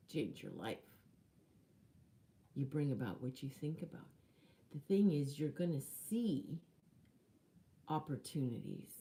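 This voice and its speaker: Low, mellow-voiced motivational woman. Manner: chatty and earnest, with laughs and dramatic whispers. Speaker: spiritual life coach. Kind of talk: motivational talk to camera.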